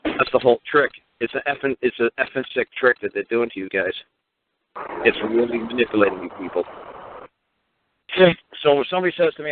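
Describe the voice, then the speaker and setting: A man from New York with a New York accent, ranting fast and profanely on a radio talk show, acting out other people's voices as he goes. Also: mid-range voice, expressive, a little hiss or hum. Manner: fast, profane, repetitive, acts out quoted voices. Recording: tinny phone line, dry.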